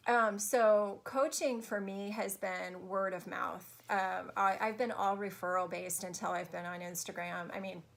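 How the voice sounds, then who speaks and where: A woman coach talks to her viewers on a live stream, chatty and gushing as she goes. Her voice sits mid-range and has a gravelly, fry-edged texture. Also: medium pitch, little pitch movement, a little slow, hardly any pauses, slight background noise. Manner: chatty and gushing, many restarts. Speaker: spiritual life coach.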